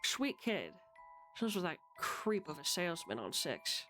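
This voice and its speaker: A woman's voice: on the low side, sing-song, a little slow, fairly bright tone, soft background music. A woman voicing a portly, balding, cigar-smoking man in a transatlantic accent, brash and overfamiliar. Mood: sly.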